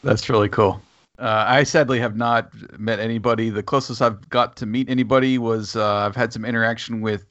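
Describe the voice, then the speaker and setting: A man's voice: mid-range voice, fairly bright tone, dry recording, lo-fi sound. A man hosting a casual discussion in an easygoing way, with some hesitant fillers. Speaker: podcast host. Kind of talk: casual chat.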